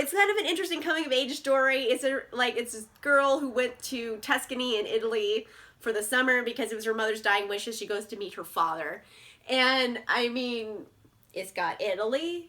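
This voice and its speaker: A bubbly young woman chatting about her favourite books, her voice high and bright. She gushes and peppers every sentence with "like". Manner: bubbly, gushing, lots of "like" fillers. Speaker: book vlogger. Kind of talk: casual chat.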